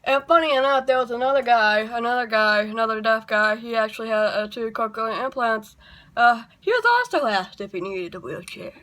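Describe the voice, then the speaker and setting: A woman's voice: a little high, fairly quick, pushed and bright. A woman talking to camera in a casual vlog monologue, chatty and wry, rambling off into asides. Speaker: YouTuber.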